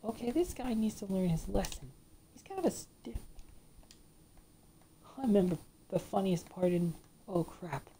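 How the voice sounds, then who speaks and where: A woman's voice: mid-range voice, lively intonation, moderate pace, long pauses, dark tone, a little hiss or hum. A woman giving gameplay commentary, ranting and swearing at the game as she plays. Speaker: let's play gamer.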